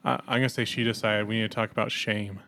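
A man's voice: fairly low pitch, flat delivery, quick pace, background noise. A man co-hosting a podcast in casual chat, telling rambling stories with hesitant fillers. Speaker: podcast co-host.

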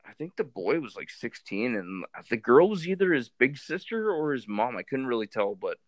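A man at a middle pitch recounts an odd encounter in a loose, filler-heavy way. He slips into voices for the people he quotes. The sound is dry and close. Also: sing-song, moderate pace, dry recording. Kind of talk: casual storytelling chat.

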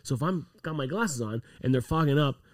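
A man who works on props for a TV set, chatting casually and telling profane, animated stories full of acted-out quotes. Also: mid-range voice, brisk, no echo, studio quality. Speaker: props crew member on a TV set. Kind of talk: casual chat.

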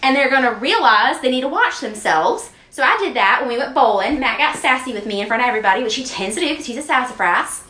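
A woman co-hosting a podcast, telling funny stories in a casual, animated way and laughing often. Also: on the high side, fast, hardly any pauses. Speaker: podcast co-host. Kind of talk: casual chat. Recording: roomy echo.

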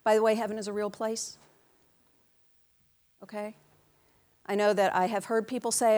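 An animated woman preaching a sermon in a church, swinging from quiet storytelling to loud calls out to the congregation. She acts out the quotes in playful put-on voices. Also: medium pitch, normal speed, long pauses.

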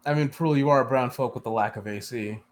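A man co-hosting a podcast in casual chat, joking and quick to laugh. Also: mid-range voice. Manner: lively, laughs easily, joking. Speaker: podcast co-host.

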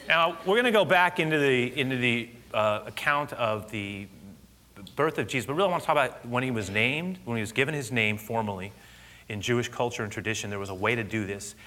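A middle-aged man preaching, a pastor telling a lively personal story before moving into the sermon. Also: mid-range voice. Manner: animated storyteller, laughing and loud at punchlines.

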